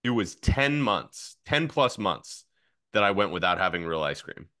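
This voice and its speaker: A man in his thirties guesting on a podcast, with a very low yet bright and forceful voice. He tells stories in a lively way, full of fillers, and drops into hushed asides. The recording is close and dry. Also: measured pace, no echo. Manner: animated storyteller, many fillers, swings from excited to hushed. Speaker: podcast guest, fitness coach. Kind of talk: casual podcast chat.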